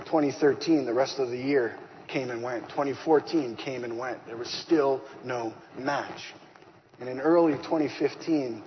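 A man of middle pitch tells a personal testimony with lively storytelling. The sound is a bit muffled, with faint hiss beneath it. A long hall reverb trails his voice. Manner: animated, acts out dialogue. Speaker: speaker giving a faith testimony.

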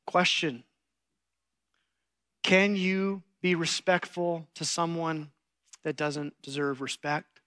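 A man's voice: on the high side, slow pace, pauses often. A middle-aged man preaching a sermon, telling stories and acting out quotes with animation. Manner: animated storytelling, acts out quotes.

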